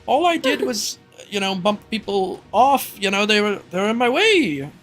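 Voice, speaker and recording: A man's voice: sits high, big pitch swings, normal speed, a bit bright, faint music behind, voice pushed up. A man voicing a cowardly, murderous male noble who fawns and gushes in a whiny voice. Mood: fawning. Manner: whiny, gushing, breathless.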